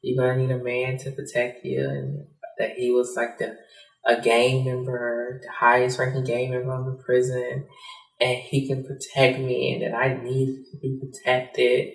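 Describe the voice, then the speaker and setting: A woman giving personal testimony in a soft, hesitant way, with many fillers, acting out the lines of others as she recounts. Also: rumbling low, monotone, moderate pace, soft background music. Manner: acts out quoted dialogue. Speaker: interviewee. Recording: roomy, mic at a distance.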